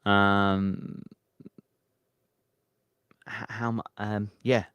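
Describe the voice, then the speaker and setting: Low-voiced man rambling on a livestream. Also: flat delivery, very slow, fairly bright tone, clear, resonant tone, no echo. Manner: rambling, hesitant, thinking aloud with many ums. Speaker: livestream host reading viewer chat. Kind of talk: casual live-stream chat. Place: home at midnight.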